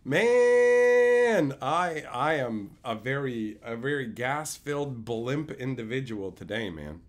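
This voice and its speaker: A man from Canada chatting casually on his livestream, loopy after sedation, with animated, profane ranting. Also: medium pitch, slow pace. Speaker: streamer.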